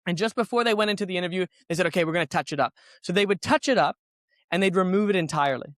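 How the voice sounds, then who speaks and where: A man with a high voice for his sex, musing over ideas in an easy podcast chat. He circles back and restarts as he thinks aloud, and the close mic leaves no room sound. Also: rapid-fire, fairly bright tone, dry recording. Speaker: podcast guest. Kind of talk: casual conversation.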